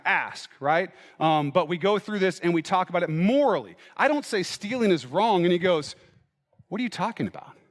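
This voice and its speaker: A man's voice: a little high, in a large hall. A male pastor giving a conversational sermon, checking in with his listeners and acting out both sides of an argument. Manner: conversational, checks in with "right?" and "okay?". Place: church.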